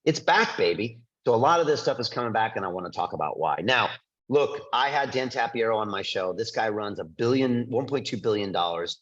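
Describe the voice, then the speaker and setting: A male host speaking to a group in an excited, emphatic monologue with quick asides. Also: fairly low pitch, lo-fi sound. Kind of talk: energetic monologue to a live group.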